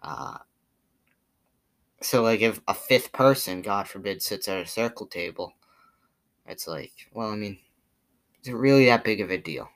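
A man's voice: low-pitched, fairly bright tone. A teenage boy with a Boston accent, rambling through his pet peeves in a casual, filler-heavy monologue, mildly exasperated. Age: teens. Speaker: vlogger.

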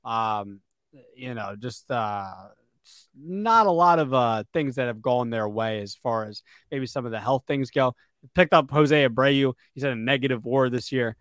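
A man's voice: medium pitch, unhurried, a bit bright, smooth, dry recording, clean studio sound. A man co-hosting a casual sports podcast, rambling with fillers and restarts. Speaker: podcast co-host.

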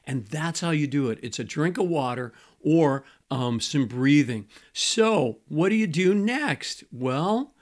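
A middle-aged man with a slightly higher voice talks like a pastor teaching a small group. He is relaxed and chatty, repeats his main points, and slows down on the words that matter. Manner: conversational, repeats key phrases, slows for emphasis. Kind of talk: teaching talk on marriage.

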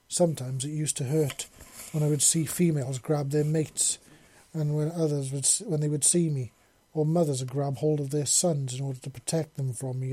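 A man's voice: mid-range voice, warm tone, husky, natural voice. A man voicing a devoted dragon-woman, slightly raised. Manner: earnest, tender declarations. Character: lovestruck female dragon-woman, devoted and possessive. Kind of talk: audiobook character voice.

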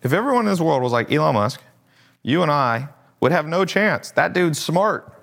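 Blunt, animated man on a livestream. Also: a little high, normal speed, creaky. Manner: blunt, animated, swears, laughs at own jokes. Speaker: livestream host, e-commerce coach. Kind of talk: casual livestream talk.

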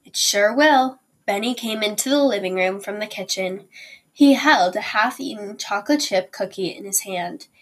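Brief: woman teacher, read-aloud of a children's chapter book, deliberate pace. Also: mid-range voice, breathy edge.

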